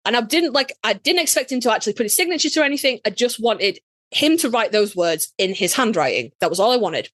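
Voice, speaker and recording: Lively Yorkshire woman telling a story. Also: fairly high pitch, fast, no echo. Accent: Yorkshire English. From Yorkshire, England. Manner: animated, swears freely, acts out quotes. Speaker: podcast co-host. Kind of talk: casual storytelling chat.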